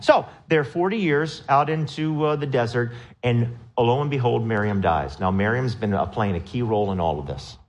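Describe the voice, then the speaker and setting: A man preaching a sermon, retelling a story with lively acted-out quotes and questions to the congregation. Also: fairly low pitch. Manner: animated storytelling, acts out quotes in raised voice. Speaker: pastor.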